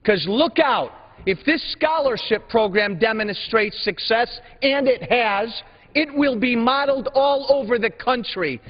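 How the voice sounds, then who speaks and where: A man's voice: extremely high pitch, a little slow. A man giving a combative floor speech as a congressman, firing off rhetorical questions. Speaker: congressman speaking in floor debate. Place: large legislative chamber. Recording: dull broadcast sound with long hall reverb.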